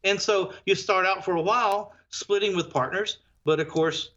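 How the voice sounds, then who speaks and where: A man with a high, bright, forceful voice tells stories with lively energy, playing out conversations in different voices as he goes. The sound is dull and lo-fi, like a remote call recording. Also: normal speed. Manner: animated storyteller, acts out dialogue. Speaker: real estate investor and educator. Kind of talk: casual podcast interview.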